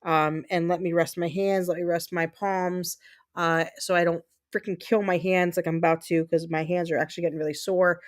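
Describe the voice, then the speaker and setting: A woman's voice: lowish voice, steady tone, normal speed. Chatty woman streaming a cozy game. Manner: chatty, self-talking, rambling. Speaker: gaming livestream host. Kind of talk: casual chat while playing.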